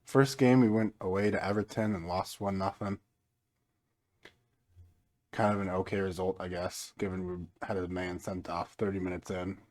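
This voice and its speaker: A man giving casual, mostly flat commentary over his own football management game, getting livelier when something happens. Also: normal speed. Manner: mostly flat and low-key, jumping up excitedly at goals; self-described monotone delivery. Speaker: gaming YouTuber.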